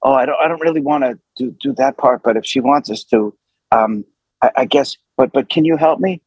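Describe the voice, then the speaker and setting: A man's voice: medium pitch, a little fast, a little mellow, breathy edge, no echo, highs cut off. A man voicing a timid, studious young man who stammers and pleads nervously. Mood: nervous pleading.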